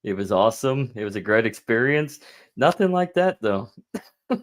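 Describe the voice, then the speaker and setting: A man chatting as a podcast guest, laid-back and dropping quick jokes. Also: medium pitch, very animated. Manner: laid-back, chuckling one-liners. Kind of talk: casual chat.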